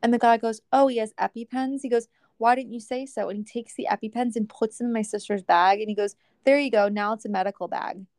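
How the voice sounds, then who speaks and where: A woman's voice: fairly high pitch, steady tone, fast, few pauses, a little mellow, no echo. A woman, co-hosting a podcast in casual chat, ranting through stories and quoting people with frequent laughs. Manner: chatty, ranting storyteller, quotes people, laughs often. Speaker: podcast co-host.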